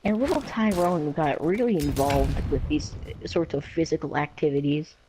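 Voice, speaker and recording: A man's voice: a little high, normal speed. A man casually telling a personal story in a rambling way, filling his talk with lots of "like" and "um". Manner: rambling, filler-heavy with lots of "like" and "um". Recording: noisy home recording.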